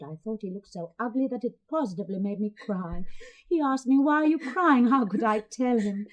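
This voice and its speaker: Actress voicing an elder sister, vintage radio play, soft and earnest, lively melody, mid pitch. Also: female voice, lo-fi sound, close to an everyday voice. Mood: tender. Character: gentle elder sister, kind and comforting.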